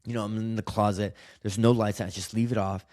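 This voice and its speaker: A man's voice: lowish voice, level tone, fairly quick, darkish tone, no echo. Male podcast guest, blunt and confessional, lots of fillers, dry close mic. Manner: candid, swears often, many fillers. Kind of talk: emotional personal story.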